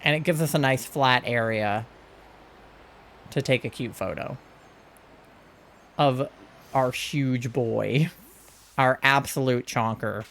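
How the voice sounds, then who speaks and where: A young man streaming a game live, gushing excitedly and cooing over cute creatures in casual commentary. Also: medium pitch, slow, gravelly, pauses often, slight background noise.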